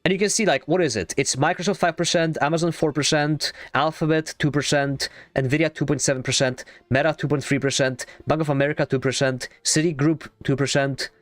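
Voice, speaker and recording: A young adult man streaming a game, chatting casually in a rambling, excitable way and swearing freely. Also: a little high, a little fast, few pauses, no echo. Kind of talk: casual gaming stream chat.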